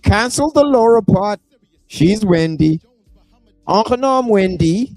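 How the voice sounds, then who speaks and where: A South African man doing live reaction commentary, animated and prone to bursting into shouts and whoops. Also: fairly high pitch, unhurried, dry recording, faint music behind. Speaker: reaction streamer.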